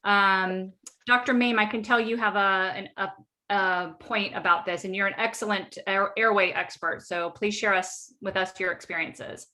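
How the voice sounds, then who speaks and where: A woman moderating an online medical education panel, speaking in a measured, thoughtful way with frequent ums. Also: mid-range voice, fairly even intonation, sharp tone.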